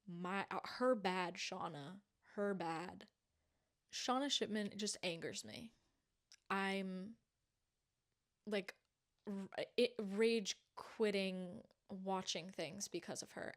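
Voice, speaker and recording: A young woman rambling excitably in a casual vlog, pleading and getting winded and lightheaded. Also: medium pitch, slow pace. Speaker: vlogger. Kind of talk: casual monthly wrap-up vlog.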